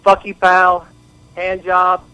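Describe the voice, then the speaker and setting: A man's voice: sits high, completely flat delivery, takes it slowly, bright, forceful tone, clean tone, no echo, rough recording. A man calling in to a radio show, brash, crude and swaggering. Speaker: caller. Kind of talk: radio call-in.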